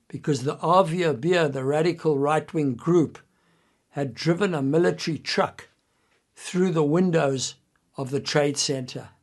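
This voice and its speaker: Older male storyteller, slightly raised pitch, earnest, drops to a hush for drama. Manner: earnest, quotes others in his own voice, voice drops low and quiet at tense moments. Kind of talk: personal anecdote.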